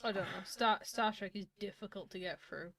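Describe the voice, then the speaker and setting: A woman's voice: medium pitch, a little fast, fairly bright tone. A woman chatting casually on a stream, teasing and blunt, laughing often. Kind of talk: casual chat.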